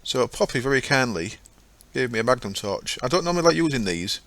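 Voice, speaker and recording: Guy rambling thru his game, chatty, fixes himself mid sentence, normal pitch. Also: very animated, brisk, a bit bright, no room sound. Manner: chatty, rambling, self-correcting. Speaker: gaming channel host. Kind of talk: casual gameplay commentary.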